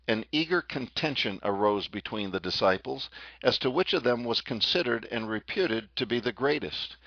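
Male preacher, gravelly voice, dry dull lo-fi recording, dramatic sermon storytelling. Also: mid-range voice, no echo. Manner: dramatic storytelling, slows on key phrases. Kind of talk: sermon narration retelling scripture.

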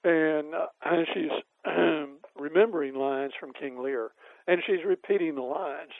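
A man's voice: a little high, a little slow, gravelly, no room sound, narrow, tinny audio. An older man, an author being interviewed, telling rambling anecdotes with many fillers and chuckles. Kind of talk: anecdotal storytelling.

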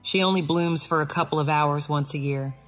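Woman doing a snappy blunt snapdragon, low voice, storybook. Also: steady tone, fairly quick, in a large hall, faint music behind. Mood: snappish. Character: gruff sharp-tongued female snapdragon.

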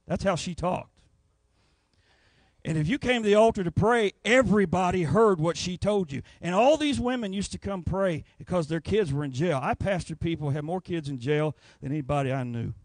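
A man's voice: high-pitched, normal speed, dry recording. A man preaching a Pentecostal revival sermon, telling folksy stories and acting out voices. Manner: animated, folksy storytelling with acted voices.

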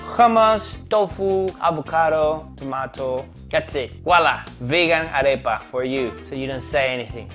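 Playful Venezuelan man hosting a cooking show. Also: mid-range voice. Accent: Venezuelan Spanish. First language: Spanish. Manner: playful and chatty, jumps between excitement and mock apology. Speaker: comedian and cooking show host. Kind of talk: comedic cooking demonstration.

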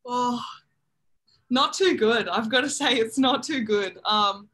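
A young adult woman with an Australian accent, chatting in a relaxed way during an interview over a video call. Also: fairly high pitch, slow. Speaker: college basketball player. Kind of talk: casual interview chat.

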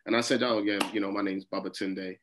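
Animated London man telling stories. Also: on the low side, fast, background noise. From England. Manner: animated storytelling, acts out quoted voices. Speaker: comedian guest. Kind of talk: casual interview chat.

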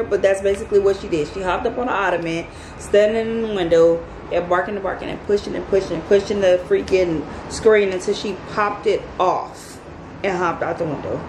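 A woman vlogger telling a story to her viewers in a casual, animated, chatty way. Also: medium pitch. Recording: echoey room, faint background noise.

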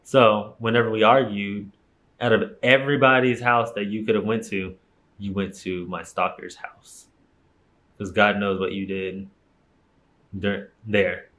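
A man's voice: on the low side, steady tone, a little slow, a bit bright. A young man telling a personal story straight to camera in a casual vlog, candid and emphatic, swearing freely. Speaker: YouTuber.

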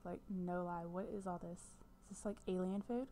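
A woman giving casual commentary over a life-sim game, chatting to her viewers and often dropping into a soft whisper. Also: on the low side, fairly even intonation, normal speed, slight background noise. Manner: talks to viewers as "guys". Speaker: gameplay commentator.

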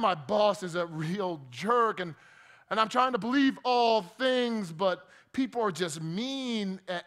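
Guy from new jersey preaching, high voice, loose jokey delivery with lots of restarts. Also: sharp tone. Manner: conversational and joking, with repeated restarts. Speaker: pastor. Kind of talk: sermon.

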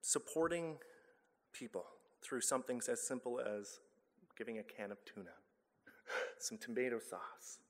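A man's voice: medium pitch, animated, a little slow, pauses often, a bit bright. A man giving an earnest, conversational talk to a church congregation, telling a personal story with some stumbles and self-corrections. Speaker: guest speaker, charity director. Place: church sanctuary. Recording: long reverb of a church hall.

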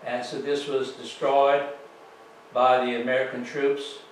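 A man giving a slide presentation to an audience, telling it in an unhurried, folksy way with plenty of fillers. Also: medium pitch, level tone, slight background noise. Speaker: author giving a library talk. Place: public library meeting room. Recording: roomy, distant mic with faint ambience.

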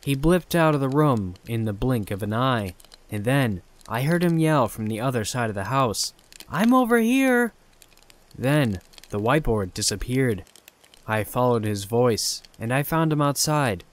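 A man narrating a scripted horror story in a calm, measured way. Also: medium pitch.

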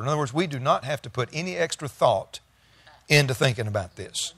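A male pastor delivering a sermon at a quick clip, reading scripture and then retelling it in everyday words. He rises into emphatic bursts as the congregation answers back. The sound is close and dry, with little room. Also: mid-range voice, lively intonation, bright, forceful tone, husky, dry recording. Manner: preaching with bursts of emphasis and congregation call-and-response; reads scripture aloud then paraphrases it conversationally.

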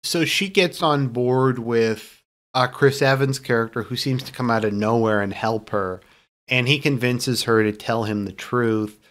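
A man's voice: medium pitch, measured pace, a bit bright. A man giving a casual, opinionated film review, rambling with many fillers and restarts and turning sarcastic at times. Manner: sarcastic when mocking views he dislikes.

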